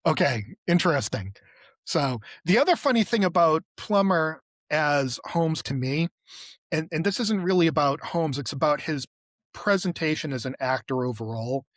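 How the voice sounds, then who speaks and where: A man's voice: on the high side, expressive, normal speed, a bit bright, no room sound, clean studio sound. Rambling male podcast co-host. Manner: rambling, lots of fillers and restarts. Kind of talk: casual chat.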